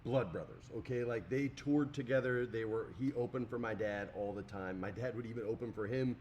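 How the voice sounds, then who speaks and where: Animated man swapping prank stories. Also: mid-range voice, fairly quick, slight background noise. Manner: energetic storyteller, says "dude" a lot. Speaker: podcast co-host. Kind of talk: casual chat.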